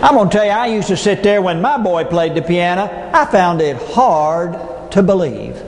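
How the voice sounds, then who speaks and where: A man's voice: sits high, animated, normal speed. A middle-aged man, giving a humorous motivational keynote with folksy stories and punchlines. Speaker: motivational speaker. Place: large hall before an audience. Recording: echoey hall with long reverb.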